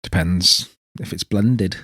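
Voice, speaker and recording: A man's voice: deep voice, takes it slowly, a bit bright, breathy edge, no room sound, clean studio sound. A man co-hosting a podcast, teasing and joking crudely in casual banter. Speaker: podcast co-host.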